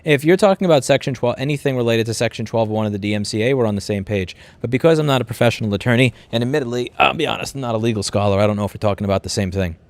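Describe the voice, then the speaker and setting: Talking very fast with barely a pause, a medium-pitched man hosts a casual livestream in a dry recording. He's in his thirties, from Queens, New York City, with a matching accent, and he reads viewer comments and fires back bluntly, occasionally cursing, rambling and restarting as he goes.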